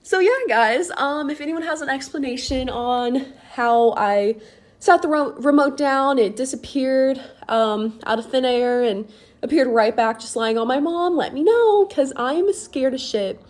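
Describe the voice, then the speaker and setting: A woman's voice: high voice, measured pace. A young woman casually telling a storytime, chatty, full of fillers and swearing freely.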